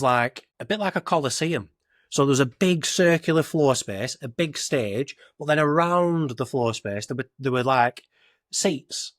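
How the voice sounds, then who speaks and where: A man's voice: mid-range voice, dry recording, studio quality. Lancashire man telling a rambling story. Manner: rambling anecdotal, northern dialect "I were", "it were". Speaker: podcast co-host. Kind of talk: casual storytelling chat.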